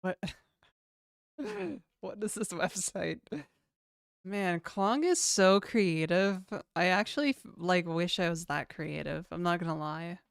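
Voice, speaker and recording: Laid-back Canadian woman streamer, low voice. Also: lively intonation, takes it slowly, creaky, clear, resonant tone, no room sound, studio quality. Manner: laid-back, reads viewer questions aloud and answers them. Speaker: livestreamer. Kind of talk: casual livestream chat.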